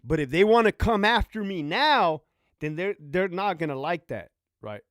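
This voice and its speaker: Male streamer, high lively voice, dry close sound, animated and profane. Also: moderate pace, no echo. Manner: animated, profane, reads out viewer comments. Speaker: livestream host, former prison officer. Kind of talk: casual livestream chat.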